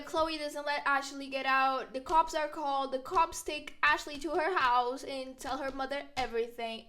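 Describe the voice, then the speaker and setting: Young woman, high voice, brash and profane vlog storyteller. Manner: brash, profane, animated retelling with quoted voices. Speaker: storyteller vlogger. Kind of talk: casual story time.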